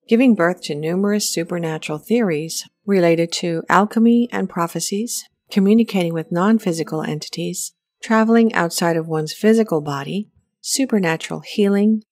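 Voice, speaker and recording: Low-voiced woman reading a narration. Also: darkish tone, no room sound, clean studio sound. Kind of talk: scripted documentary narration.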